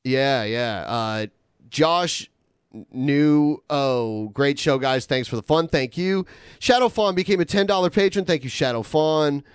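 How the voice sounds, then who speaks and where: Guy hosting a podcast, kinda high smooth voice, dry close mic, rambly reading out donations. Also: animated, measured pace, no echo. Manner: rambling, reads messages aloud with filler words. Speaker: podcast host. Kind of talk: casual chat, reading donations.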